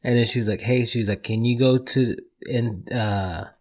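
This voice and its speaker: A man's voice: medium pitch, steady tone, measured pace, a little mellow. A young man co-hosting a casual podcast, telling stories in a laid-back way, swearing often and calling his friend bro and dude. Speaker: podcast co-host. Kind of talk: casual chat.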